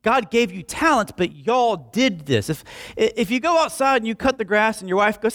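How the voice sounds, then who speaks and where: A young male pastor delivers a sermon in an animated, story-driven way. His voice sits high and swings widely in pitch as he acts out what people say. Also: normal speed. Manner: animated, jokey storytelling with acted-out quotes.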